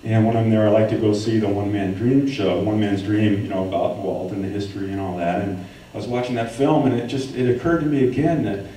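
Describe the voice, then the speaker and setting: An earnest man answers a panel question, halting and restarting as he goes. His voice is low and mellow. He is heard from afar in a very echoey hall with faint noise. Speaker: panel guest, imagineer. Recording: very echoey hall, far from mic.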